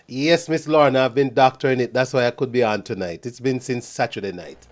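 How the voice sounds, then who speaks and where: A man with a lilt, hosting a live show at an ordinary middle pitch. He keeps the energy up, hyping upcoming events and greeting listeners by name. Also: fairly quick, hardly any pauses. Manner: upbeat hype, shout-outs to listeners. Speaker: radio show host.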